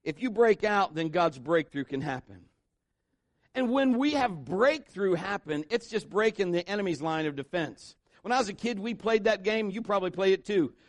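High-voiced man preaching a sermon. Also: expressive, normal speed, dry recording. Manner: joking asides, voices quotes. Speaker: pastor. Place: church.

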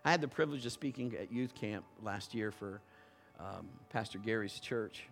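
A male pastor preaching a sermon in a conversational storytelling way, building to loud emphatic bursts. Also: fairly low pitch, normal speed, creaky, soft background music.

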